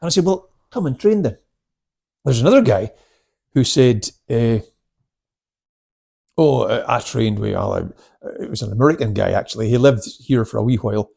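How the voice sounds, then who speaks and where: An older man, a karate instructor, casually telling anecdotes and acting out both sides of the dialogue in sudden loud bursts. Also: mid-range voice, normal speed, vocal fry, breathy edge. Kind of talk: casual storytelling chat.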